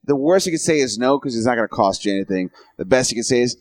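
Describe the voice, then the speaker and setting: A young man on a podcast, talking in an animated, casual way, swearing now and then. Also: medium pitch, fast talker, hardly any pauses, no echo. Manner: animated, swears, breaks into impressions. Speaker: podcast co-host.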